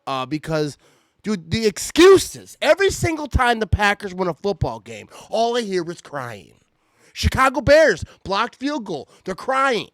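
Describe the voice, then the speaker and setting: Fired-up ranting man, high lively voice. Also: normal speed, dry recording. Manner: fired-up, irritated, stammering restarts. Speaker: podcast host. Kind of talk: heated sports fan rant. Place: home at night. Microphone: podcast mic.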